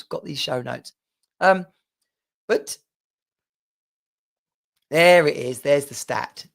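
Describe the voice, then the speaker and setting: Chatty middle-aged man with gravelly voice. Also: mid-range voice. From England. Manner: chatty and rambling, with frequent asides and restarts. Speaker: vlogger. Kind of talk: casual personal monologue to camera.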